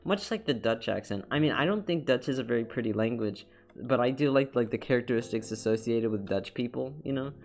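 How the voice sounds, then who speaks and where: A man's voice: medium pitch, a little fast. A man chatting casually while he draws on a live stream, rambling and upbeat, full of fillers and restarts. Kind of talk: casual chat while drawing. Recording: faint music behind the voice.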